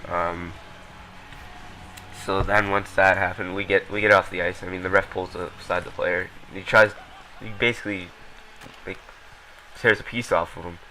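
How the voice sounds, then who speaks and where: A man's voice: low-pitched, fairly even intonation, normal speed, pauses often, sharp tone, slight background noise, rough recording. A young man casually commenting over a recorded hockey match, rambling with lots of ums and blunt, profane remarks. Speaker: gameplay commentator.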